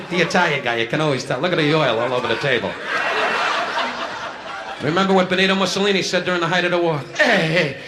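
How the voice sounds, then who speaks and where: A male stand-up comedian doing insult comedy, firing brash, rapid jabs at audience members from a nightclub stage. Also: fairly high pitch. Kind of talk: insult comedy crowd work. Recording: live club recording, loud laughter, hiss.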